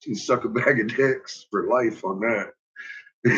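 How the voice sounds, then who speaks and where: A man's voice: medium pitch, wildly swooping pitch, slow, fairly bright tone, slightly rough. A middle-aged man telling stories about his son in casual chat, laughing constantly and swearing freely. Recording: dull lo-fi recording.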